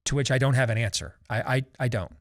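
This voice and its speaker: A man's voice: mid-range voice, quick pace. A man in his forties hosting a talk show, ranting sarcastically and theatrically in opinionated commentary. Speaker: host.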